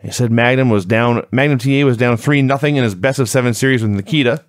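A man's voice: medium pitch, quick pace, no echo. A man co-hosting a wrestling review podcast, recapping events in a dry, sarcastic way. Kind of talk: casual chat, recapping.

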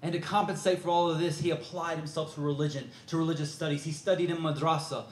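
A man's voice: fairly high pitch, fairly even intonation, fast, echoey room, slight background noise. A man preaching a sermon, telling a story in an earnest, conversational way.

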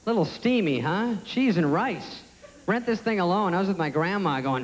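A man's voice: lively intonation, normal speed. Sarcastic young man doing stand-up. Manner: sarcastic, self-deprecating, jumps into high squeaky voices for characters. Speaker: stand-up comedian. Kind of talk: stand-up comedy set. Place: theater stage before a live audience. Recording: live stage recording in a large hall with audience noise.

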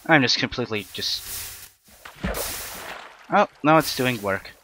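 A man's voice: medium pitch, lively intonation, measured pace, bright, forceful tone, slight background noise. A young man giving casual, rambling commentary on his own gameplay, self-deprecating and prone to sudden panicked outbursts. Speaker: Let's Play gamer.

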